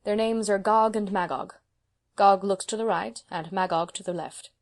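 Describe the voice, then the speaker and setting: A woman's voice: mid-range voice, normal speed, natural voice. Woman reading as Miss Patty, emphatic old spinster. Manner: emphatic, forthright and stern. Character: brisk proud old spinster woman, seventy.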